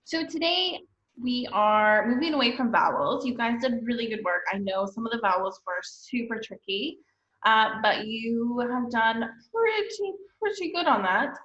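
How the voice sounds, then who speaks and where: Woman teacher, recorded lesson for kids; encouraging, unhurried, bright tone, dull lo-fi echoey audio. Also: a little high, animated. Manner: slow, patient, encouraging, checks in with "okay?". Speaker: elementary school teacher. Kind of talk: recorded online lesson for children.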